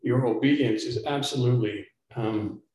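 A man's voice: mid-range voice, normal speed, a little mellow, a little hiss or hum. A man preaching a sermon as pastor, earnest and emphatic, sometimes stumbling and repeating words as he presses a point. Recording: very echoey church room.

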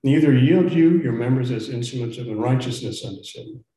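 Male pastor, earnest sermon, emphatic, warm dark voice, heavy room echo. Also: mid-range voice, a little fast. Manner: earnest, emphatic preaching with stammered repeats. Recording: very echoey church room.

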